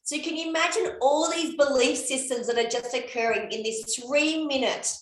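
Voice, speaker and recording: A woman in her fifties co-hosts a casual podcast in a slightly high voice. She talks animatedly, swears freely and acts out little everyday scenes. The room around her sounds echoey. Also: moderate pace. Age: 50s. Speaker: podcast co-host and coach.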